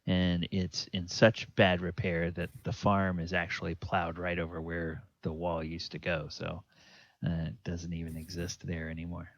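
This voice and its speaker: Man, game master, tabletop narration, halting, dry dull lo-fi recording. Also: deep voice, completely flat delivery, no room sound. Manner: halting, many fillers.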